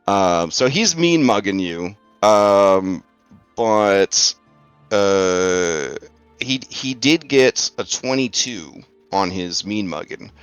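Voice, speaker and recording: A young man runs a tabletop game over a call, speaking slowly and unhurriedly. His voice sits low and comes through dry and close, with faint music underneath. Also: smooth, no room sound. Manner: slow, relaxed, thinking aloud with many fillers. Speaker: game master.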